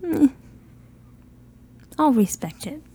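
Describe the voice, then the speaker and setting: A woman's voice: high-pitched, expressive, takes it slowly, dark tone. Dry, unimpressed woman co-host. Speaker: podcast co-host. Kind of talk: casual banter.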